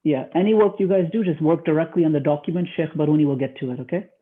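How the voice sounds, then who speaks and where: A man coordinating an online class over a video call, giving brisk instructions to students. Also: on the high side. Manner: brisk, directive. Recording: tinny call audio with faint noise.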